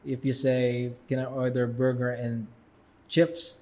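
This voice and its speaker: A man's voice: medium pitch, level tone, measured pace, darkish tone. A man from the Philippines, hosting a podcast and asking curious questions in casual chat. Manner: curious questioning, laughs easily. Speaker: podcast host. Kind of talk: casual interview.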